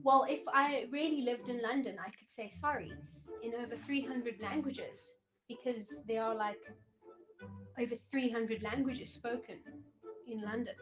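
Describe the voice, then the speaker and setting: A woman's voice: fairly high pitch, fairly even intonation, unhurried, music in the background. A woman hosting a children's show in a theatrical, playful put-on way of talking.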